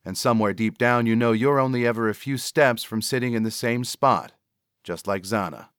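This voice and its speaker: A man narrating his own story in a steady, measured reading. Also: medium pitch, clear, resonant tone, no echo, studio quality. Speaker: author and narrator. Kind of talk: scripted narration.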